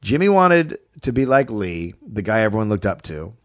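A man's voice: lowish voice, sing-song, moderate pace. Dry-voiced man telling a story. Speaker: comedy podcast co-host telling the story. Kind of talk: comic history storytelling.

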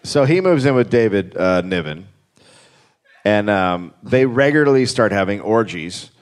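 A man's voice: lowish voice, animated, unhurried. A man hosting a live comedy podcast, telling a story in a dry, wry way with crude asides. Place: live show on stage.

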